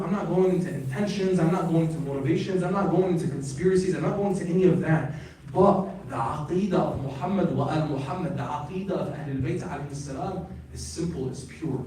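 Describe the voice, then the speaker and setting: A man's voice: fairly high pitch, a little mellow. A man giving an emphatic religious lecture to a live audience, calling out questions to the crowd. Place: large hall at an Islamic center. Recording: echoey hall, voice from far off.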